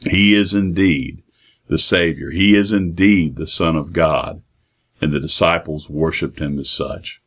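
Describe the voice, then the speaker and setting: A man delivers a radio sermon in a fairly low voice. He reads scripture in old-fashioned wording, then explains it in plain talk and often repeats phrases for emphasis. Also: measured pace, fairly bright tone. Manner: reads King James verses, then retells them plainly with repeats. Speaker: preacher.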